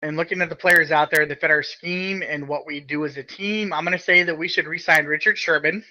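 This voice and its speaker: A man co-hosting a casual fan podcast with a bright, fairly high voice. He talks in a laid-back way and chuckles between points, with faint music behind. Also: fairly even intonation, brisk, lo-fi sound. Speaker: podcast co-host.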